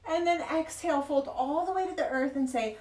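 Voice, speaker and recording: A woman teaching a kids' yoga class, gentle, playful and encouraging as she guides a child through poses. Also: high voice, brisk, recorded from a distance, slight background noise. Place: yoga studio. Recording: echoey room, mic from afar.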